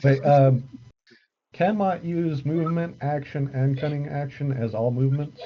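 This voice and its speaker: Very low-voiced woman playing a tabletop game. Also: fairly even intonation, unhurried, slight background noise. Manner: hesitant, full of uh and like. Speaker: player. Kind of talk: casual tabletop game play. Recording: lo-fi online call audio.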